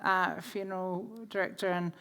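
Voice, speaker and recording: A woman's voice: lowish voice, flat delivery, normal speed, fairly bright tone, clear, resonant tone. A woman presenting a church workshop. She teaches through chatty personal stories and laughs easily.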